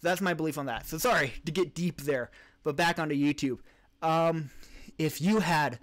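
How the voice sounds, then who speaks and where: Rambling streamer man, slightly high voice. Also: normal speed. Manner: rambling, restarts and self-corrections while reading chat. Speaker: podcast host and live streamer. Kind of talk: casual live-stream Q&A. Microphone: streaming desk mic.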